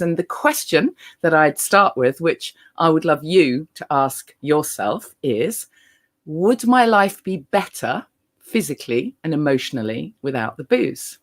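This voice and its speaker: Earnest woman giving a stage talk. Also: low-pitched. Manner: earnest and candid, frequent ums. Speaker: speaker and holistic living author.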